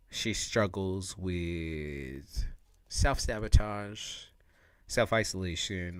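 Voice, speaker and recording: Slangy, low-voiced man reading tarot live. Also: a bit bright, no echo. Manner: casual, slangy, laughs often, repeats himself. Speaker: tarot reader.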